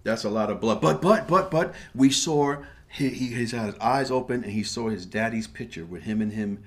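A man co-hosting a podcast, recapping a TV episode in casual chat, emphatic and animated as he talks over his partner. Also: mid-range voice, moderate pace. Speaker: podcast co-host.

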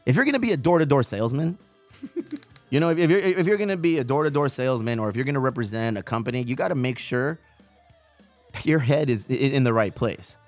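A man's voice: mid-range voice, animated, a little fast, soft background music. Profane, slangy podcast host, man. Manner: profane, slangy and rambling, calls people dog and bro. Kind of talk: casual podcast chat.

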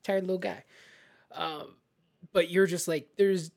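A man co-hosting a casual film podcast, excitable and animated, often acting out scenes as he talks. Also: high-pitched, measured pace. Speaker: podcast co-host. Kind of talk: casual film review chat.

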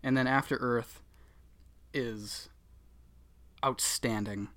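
A man's voice: mid-range voice, fairly even intonation, slow pace, a bit bright. A man co-hosting a casual podcast chat, sarcastic and swearing, often breaking into laughter. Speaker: podcast co-host.

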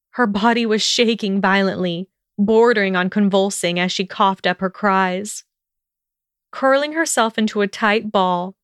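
A woman narrating a story in a steady, even storytelling manner. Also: mid-range voice, clean tone, no echo, studio quality. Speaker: audiobook narrator. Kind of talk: scripted narration of fan fiction.

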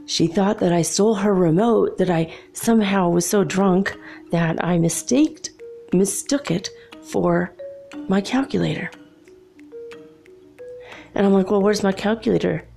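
Young woman telling a story, laughs a lot, kinda gravelly and mellow. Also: medium pitch, unhurried, pauses often, faint music behind. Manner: chatty, laughs often between remarks. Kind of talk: casual personal storytelling.

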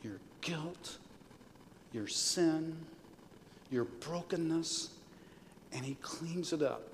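A pastor preaching a sermon in a conversational way, rising to emphatic peaks, in a church sanctuary. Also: male voice, a little high, extremely slow, a little hiss or hum. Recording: long reverb of a large hall.

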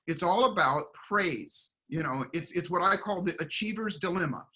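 A middle-aged man speaks in a relaxed interview, a motivational coach with a bright, forceful voice. He pitches a bit high and slips into playful voices for the people and pets in his stories. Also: normal speed. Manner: animated storyteller, acts out voices in quotes. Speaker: guest, performance coach. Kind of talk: casual motivational interview talk.

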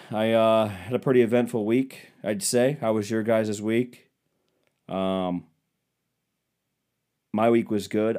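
A man's voice: fairly low pitch, warm tone. A young man hosting a podcast who tells comic stories in a casual, profane, self-deprecating way. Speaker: podcast host. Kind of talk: comedic storytelling monologue.

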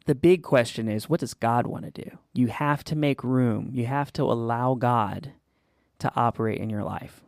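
A man's voice: medium pitch, moderate pace, vocal fry, no room sound, clean studio sound. A man hosting a faith podcast for small business owners, telling stories in an earnest, encouraging way. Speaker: podcast host. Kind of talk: casual faith podcast chat.

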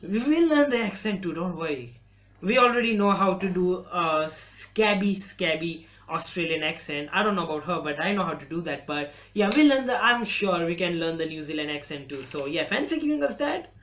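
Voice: medium pitch, expressive, moderate pace, fairly bright tone. A co-host in a casual chat, joking and teasing in playful banter.

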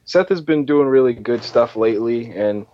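A man co-hosting a casual wrestling podcast in a relaxed way, steering the talk from one topic to the next. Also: mid-range voice, moderate pace. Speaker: podcast co-host. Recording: dull, muffled dry mic.

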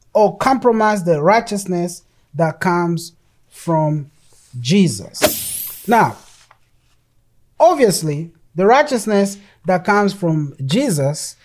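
A preacher delivering a sermon with emphatic delivery who repeats words while restarting sentences and reads passages aloud. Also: mid-range voice.

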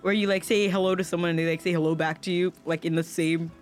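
A tabletop game master at a middling pitch, narrating in a loose, rambling way. The talk is full of fillers and restarts. Soft music plays faintly behind. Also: steady tone, fast talker.

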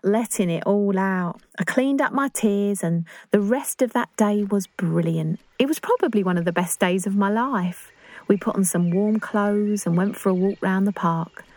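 A woman's voice: mid-range voice, dry recording, lightly acted. An actress playing an earnest, awkward young woman in love. She speaks in a chatty, confiding, self-conscious English voice in a dramatic monologue. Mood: fond.

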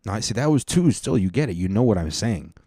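Profane rambling man, low mellow voice. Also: very animated, fairly quick, dry recording, studio quality. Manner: rambling, profane, mock-ranting. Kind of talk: casual monologue.

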